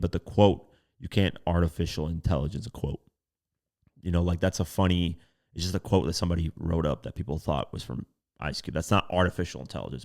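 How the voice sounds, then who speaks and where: Deep-voiced exasperated podcast host. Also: male voice. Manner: animated, exasperated, casual swearing. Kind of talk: casual commentary podcast.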